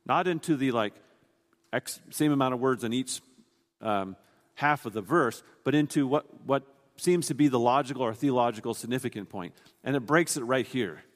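A man's voice: mid-range voice, normal speed, in a large hall. A man preaching a sermon, explaining a scripture passage in an earnest, teaching way, often restarting his sentences.

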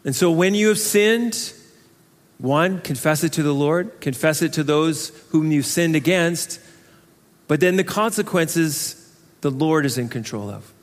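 A man's voice: a little high, expressive, measured pace. A man preaching an expository sermon in an earnest, conversational way, asking his listeners questions. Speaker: pastor. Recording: long hall reverb.

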